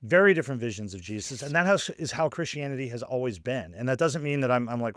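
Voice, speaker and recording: A man's voice: medium pitch, lively intonation, fast, few pauses, a bit bright, no echo, studio quality. A man co-hosting a podcast as a scholar of religion, thinking aloud in a casual discussion with frequent "right?" tag questions. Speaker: podcast co-host.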